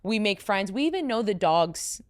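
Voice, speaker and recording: A young woman talking on her own podcast, chatty and animated, with lots of fillers and quick asides. Her voice is a little deep and slips into vocal fry now and then. Her pitch sits in the middle range. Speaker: podcast host. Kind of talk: casual chat.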